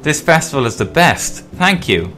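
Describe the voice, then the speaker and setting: A man's voice: mid-range voice, very animated, moderate pace, sharp tone, voice pushed up. Eager young boy, as a man puts him on; raised, pushy call, music faint behind.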